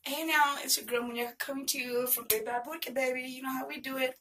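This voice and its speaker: An older woman vlogging casually at home, gushing and affectionate, her voice a little hoarse. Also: sits high, fairly even intonation, fast talker, pushed and bright. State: voice a bit off, hoarse. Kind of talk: casual vlog chat. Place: home, indoors. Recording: mic at a distance, faint noise.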